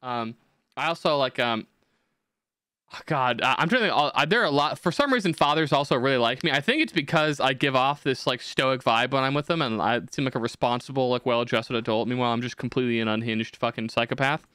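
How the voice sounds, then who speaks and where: A man's voice: mid-range voice, brisk, sharp tone, clear, resonant tone, no echo, studio quality. A young man hosting a podcast, telling crude, profane comic stories in a brash, rambling way. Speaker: podcast host. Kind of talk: crude comedic rant.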